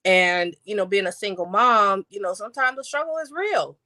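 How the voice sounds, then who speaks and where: Bright-voiced woman telling a personal story. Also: medium pitch, normal speed, no echo. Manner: animated, acts out quoted dialogue. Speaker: podcast guest.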